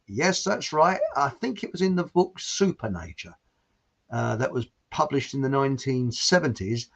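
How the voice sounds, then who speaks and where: Speaking expressively at a moderate pace, a livestream host has a medium-pitched, creaky voice with a fairly bright tone. He reads out viewer comments and chats loosely, chuckling and restarting as he rambles. The recording is dull, lo-fi stream audio.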